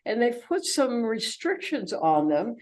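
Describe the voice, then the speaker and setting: A woman's voice: fairly high pitch, very animated, unhurried, darkish tone, poor audio. An older woman giving an informal travel slide talk, chatty and full of fillers and restarts. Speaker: travelogue presenter.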